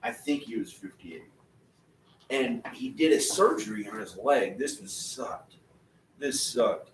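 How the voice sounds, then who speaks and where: A man talking in a rambling, casual way, full of restarts and laughing to himself. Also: medium pitch. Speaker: vlogger. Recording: echoey room, far from the mic, faint noise.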